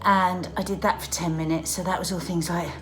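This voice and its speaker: Chatty woman, low voice. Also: brisk, faint music behind. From England. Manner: chatty, excitable, swears casually. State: out of breath. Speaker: vlogger. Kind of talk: casual vlog monologue. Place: dressing room at work.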